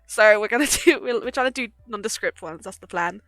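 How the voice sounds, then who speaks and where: Young female streamer, bright and animated, giggly and foul-mouthed, desk-mic home setup. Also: mid-range voice, brisk, no echo, soft background music. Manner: giggly, swears freely, chats with viewers. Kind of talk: casual live-stream chat.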